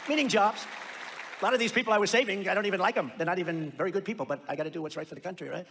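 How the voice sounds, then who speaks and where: Guy ranting at a rally, super quick, bit high voiced, bragging and repeating himself. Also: fairly bright tone, some chatter behind, a little hiss or hum. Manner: rambling, boastful, repetitive. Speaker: political speaker. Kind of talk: rally speech.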